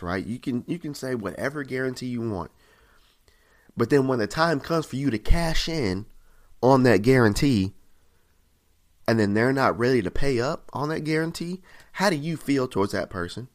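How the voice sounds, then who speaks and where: A man's voice: mid-range voice, lively intonation, moderate pace. A man giving a conversational sermon, acting out pleas to God and asking his listeners frequent questions. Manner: asks the audience frequent questions. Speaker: preacher.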